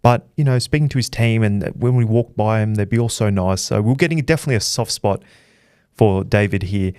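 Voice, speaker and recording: Chatty low-voiced man. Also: a little fast, a little mellow, smooth, no echo, studio quality. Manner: chatty storyteller, many fillers and restarts. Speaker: boxing channel host. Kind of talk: casual recap to camera.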